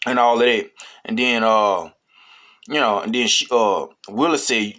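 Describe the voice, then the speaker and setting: A man's voice: mid-range voice, normal speed, fairly bright tone. A man telling a story in a casual, rambling, profane way, with many fillers.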